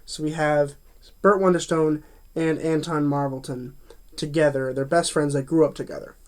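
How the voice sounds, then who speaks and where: Chatty, higher-pitched male movie reviewer. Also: steady tone, moderate pace. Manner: chatty, frequent fillers and restarts. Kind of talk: casual spoken review.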